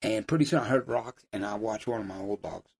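An older man, telling hunting stories in a folksy, animated way. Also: on the low side, fairly quick, creaky, slightly rough. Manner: folksy, animated storyteller who laughs at his own stories. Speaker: lion hunting guide. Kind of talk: casual storytelling.

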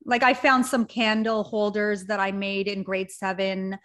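A woman's voice: mid-range voice, level tone, a little slow, fairly bright tone. A woman from Canada, a podcast guest, chatting in a giggly, upbeat way. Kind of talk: casual interview chat.

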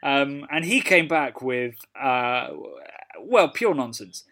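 A man's voice: medium pitch, animated, slow, bright, forceful tone. British man co-hosting a casual chat. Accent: British English. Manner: laughs while telling stories, reads out comments. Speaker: podcast co-host.

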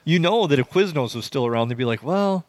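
A man's voice: mid-range voice, expressive, fast, no echo. A man co-hosting a podcast, making dry wisecracks in casual chat. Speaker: podcast co-host.

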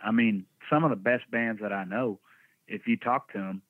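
Low-voiced texan guy on a tinny call, laid-back and cussing a lot, dry sound. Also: moderate pace, dry recording. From Texas. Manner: laid-back, profane, rambling drawl. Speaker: band musician guest. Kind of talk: casual interview storytelling. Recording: tinny phone-like remote line.

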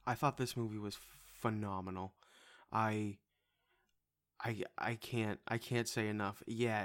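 A man's voice: fairly low pitch, a bit bright. A man co-hosting a casual movie review podcast, enthusiastic and swearing freely. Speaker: podcast co-host.

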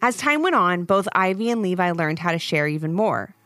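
A woman narrating a children's story podcast in an expressive read-aloud manner. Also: on the low side, a little fast, dry recording, soft background music.

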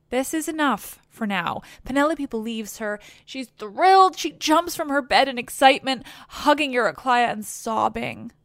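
A woman's voice: high-pitched, expressive, normal speed, hardly any pauses, no echo, clean studio sound. A woman retelling an ancient myth for a podcast in a casual storytelling style, with wry, playful asides. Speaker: podcast host and narrator.

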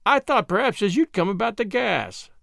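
A man's voice: high voice, sing-song, normal speed, gravelly, fairly bright tone, no echo, studio quality, voice pushed up, full character voice. A man voicing a slatternly young female servant who answers in curt, cryptic replies.

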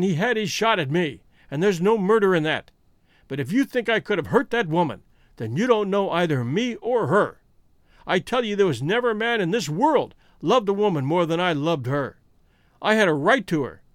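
A man voicing a brash, grieving American outlaw who talks loud and defiant, with an American accent. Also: sits high, no room sound, studio quality.

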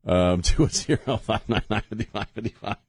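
A man's voice: lowish voice, brisk, a little mellow, slightly rough, no echo, studio quality. A man hosting a call-in radio show, joking and laughing often as he gives blunt opinions. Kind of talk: casual call-in radio talk. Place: radio studio.

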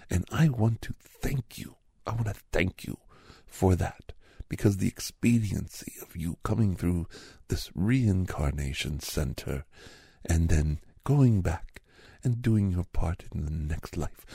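Deep gravelly man, sarcastic and slow. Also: dry recording, studio quality. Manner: sarcastic, mock-cheerful, rambling, with hushed asides. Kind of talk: satirical character monologue.

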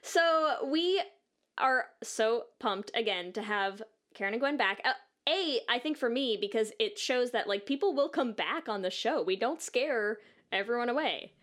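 A woman's voice: on the high side, expressive, measured pace, a bit bright. A woman hosting a podcast, chatting casually and joking with her guests. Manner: playful, laughing, joking. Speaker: podcast host.

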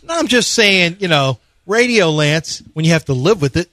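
A man's voice: on the high side, lively intonation, moderate pace, a bit bright, dry recording. A middle-aged man hosting sports talk radio, joking and teasing in casual studio banter. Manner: joking, playful, fond of teasing and tricking people. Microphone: studio microphone.

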